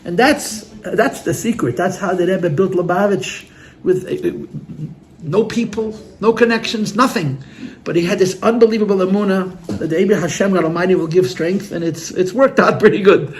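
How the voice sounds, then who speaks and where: A man's voice: sits high, moderate pace, slight background noise. A man speaking as a rabbi to a gathering, telling stories in an earnest, heartfelt way, repeating his words and using Yiddish and Hebrew terms. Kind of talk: storytelling talk at a gathering. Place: room with listeners.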